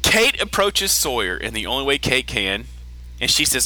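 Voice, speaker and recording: A man's voice: mid-range voice, big pitch swings, moderate pace, bright, forceful tone, poor audio. A man hosting a podcast, casually recapping a TV episode, chatty, restarting sentences and laughing often. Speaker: podcast host.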